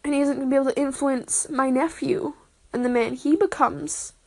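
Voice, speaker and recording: A young woman with a slightly high voice talks into her phone, recording a personal audio diary. She sounds emotional and halting, sighing and breaking off mid-sentence as she tells her story. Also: steady tone, creaky, a little mellow. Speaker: podcaster.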